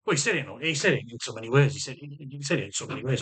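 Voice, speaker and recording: A man's voice: mid-range voice, lively intonation, rapid-fire, few pauses, fairly bright tone, husky. A man vlogging in an unscripted, rambling, sweary way, repeating himself as he talks through his frustrations. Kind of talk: unscripted personal vlog.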